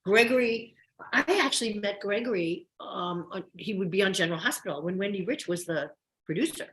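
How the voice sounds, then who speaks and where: A woman's voice: mid-range voice, brisk, a bit bright, a little hiss or hum. An older woman, a soap actress guest, telling stories in a chatty, effusive way with many restarts. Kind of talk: casual interview chat. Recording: roomy echo.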